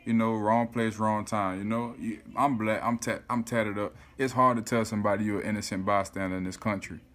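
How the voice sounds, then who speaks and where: Animated man telling a story. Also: on the low side, fairly quick, soft background music. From South Florida. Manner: animated, swears often, keeps saying "you feel me". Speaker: vlogger. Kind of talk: casual storytelling to camera.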